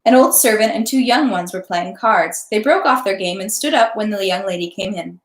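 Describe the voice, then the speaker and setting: A woman reading a classic novel aloud at a steady pace, now and then stumbling and correcting herself. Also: medium pitch, moderate pace. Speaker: audiobook reader. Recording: echoey room.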